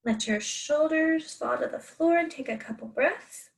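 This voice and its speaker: A woman leading a gentle yoga class for a young child, encouraging and speaking simply. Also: high-pitched, a little slow, gravelly, distant mic. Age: adult. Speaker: yoga instructor. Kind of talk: kids yoga class instruction.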